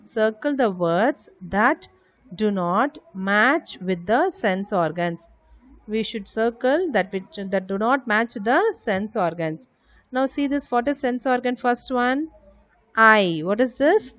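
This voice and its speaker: A woman's voice: a little high, animated, slow pace, a bit bright, no room sound. A woman teacher with an Indian English accent, giving a lesson to small children, spelling out words letter by letter and answering her own questions. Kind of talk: recorded class lesson for young children. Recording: slightly dull lo-fi audio.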